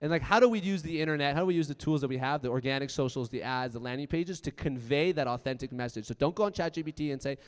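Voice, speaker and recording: A man giving a profane, punchy motivational keynote talk, swinging from loud bursts to quiet asides. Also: on the high side, fast, few pauses. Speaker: conference speaker. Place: large conference hall. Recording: long hall reverb.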